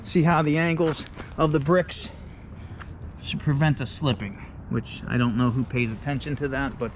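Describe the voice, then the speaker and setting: A man's voice: mid-range voice, normal speed, background noise. A man out of breath, chatting casually and laughing as he walks up a steep city street for his vlog. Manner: chatty, laughs often, easily excited. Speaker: travel vlogger.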